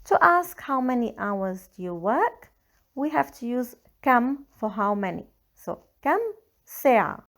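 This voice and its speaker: A woman with a Lebanese accent, slowly and carefully explaining grammar in a language lesson. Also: on the high side, expressive. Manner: slow, careful explaining with Arabic examples. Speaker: Arabic teacher. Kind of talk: scripted language tutorial.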